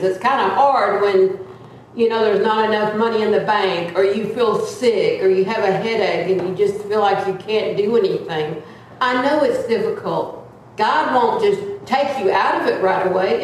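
Loud earnest woman preaching in church. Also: mid-range voice, slight background noise. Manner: earnest and plain-spoken. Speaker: church member giving a talk. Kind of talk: sermon-style talk. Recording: echoey room from far off.

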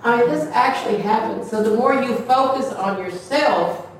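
A woman's voice: on the high side, normal speed, a little hiss or hum. A woman preaching a folksy sermon to a small congregation, sometimes acting out gossip in playful voices. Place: small church hall. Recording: echoey room from far off, faint ambience.

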